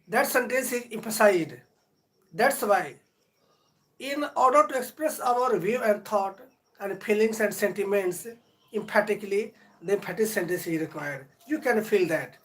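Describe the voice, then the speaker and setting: Slow, deliberate male grammar teacher. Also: sits high, fairly bright tone, low-quality recording. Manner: slow, deliberate lecturing with drawn-out words and long pauses; earnest, motivational. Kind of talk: live-streamed grammar lesson.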